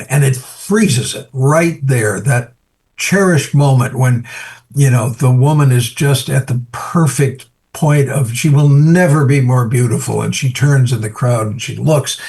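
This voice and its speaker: Animated older American man telling stories. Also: creaky. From United States. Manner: animated storyteller, acts out quoted voices with big pitch jumps. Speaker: photographer guest. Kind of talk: reflective interview conversation.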